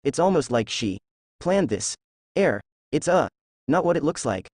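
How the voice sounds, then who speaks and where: A man's voice: fairly high pitch, big pitch swings, unhurried, a little mellow, no echo, studio quality. A man doing a laid-back teenage ninja boy. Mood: flustered. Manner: lazy and flustered.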